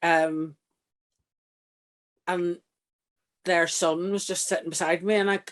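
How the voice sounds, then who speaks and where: Relaxed man telling a story. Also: sits high, slow pace. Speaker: podcast guest. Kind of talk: casual chat.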